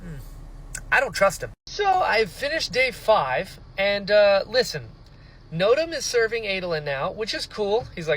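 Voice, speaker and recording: Guy ranting about a book he's reading, pretty high voice, super swoopy and expressive, swears a lot. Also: unhurried, low-quality recording. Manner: animated, emotional reactions, casual swearing. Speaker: book reviewer. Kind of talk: casual book reaction vlog.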